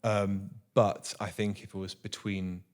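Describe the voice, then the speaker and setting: A man's voice: lowish voice, little pitch movement, measured pace. A young man, an actor being interviewed, speaking earnestly with many restarts and repeated words. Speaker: actor guest. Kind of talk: casual interview chat.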